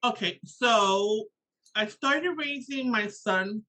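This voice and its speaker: Guest voice: animated Puerto Rican woman, middle-aged, bright tone, filler-heavy casual talk. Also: fairly high pitch, slow pace, rough recording. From Puerto Rico. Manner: animated, lots of "you know" fillers. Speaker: guest author and educator. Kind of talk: casual interview conversation.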